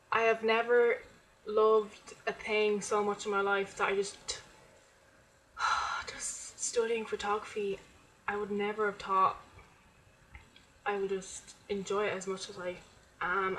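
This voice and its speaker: A woman's voice: medium pitch, a bit bright, low-quality recording. Chatty young woman vlogging. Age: young adult. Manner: chatty, rambling, full of "like" fillers. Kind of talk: casual chat to camera. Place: at home.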